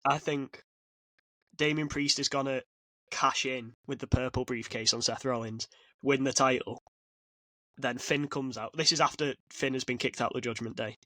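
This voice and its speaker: A man co-hosting a casual podcast, talking excitedly and rambling with frequent restarts. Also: mid-range voice, normal speed, no room sound. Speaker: podcast co-host. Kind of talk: casual chat. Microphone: podcast mic.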